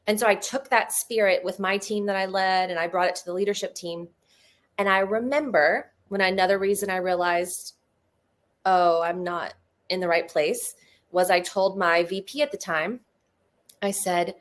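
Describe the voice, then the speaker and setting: Woman guest, mid-pitched, heartfelt and chatty, in a casual interview. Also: fairly bright tone. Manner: earnest, emotional, fast-flowing storytelling with many "like"s.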